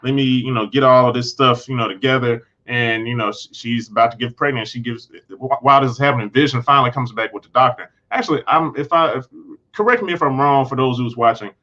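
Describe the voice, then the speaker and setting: A man who reviews film and TV casually recaps an episode in a fast, medium-pitched voice that sounds bright and forceful, though the highs are cut off. He rambles with lots of fillers like "you know" and "like," acting out the characters' lines in a loose, slangy way.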